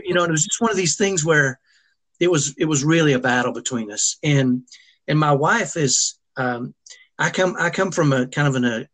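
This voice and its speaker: A man's voice: on the high side, a bit bright. A middle-aged man telling a personal family story as an interview guest, earnest and emotional, often restarting his sentences. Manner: earnest, halting, with frequent restarts.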